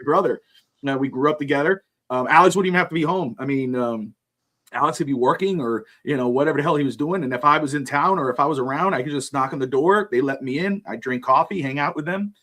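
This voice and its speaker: Bright-voiced man in casual chat. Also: a little high, fast. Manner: emotional, rambling, swearing, laughing often. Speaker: podcast co-host.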